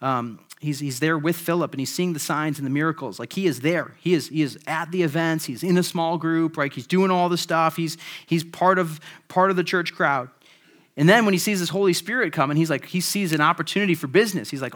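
A man's voice: on the high side, fairly quick, a bit bright. A man preaching a sermon in a casual, conversational way, with frequent "like" and "right?" tag questions. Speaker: pastor.

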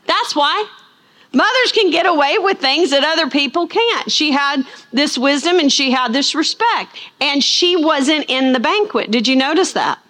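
Woman, high voice, middle-aged, Bible teacher, animated storytelling sermon. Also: normal speed.

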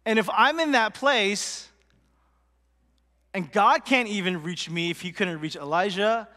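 A pastor from Portland gives a casual sermon in a high, bright voice, speaking a little slowly. He chats loosely with his congregation, using lots of fillers and asides, acting out quotes and dropping to a whisper for effect. A long reverb trails his words through the church hall.

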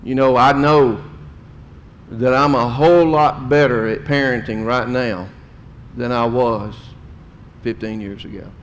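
A middle-aged man preaching a sermon to his congregation, speaking emphatically and swelling louder and higher on key points. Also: steady tone, unhurried, pauses often, a little hiss or hum. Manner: addresses the congregation directly. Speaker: pastor. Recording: long hall reverb.

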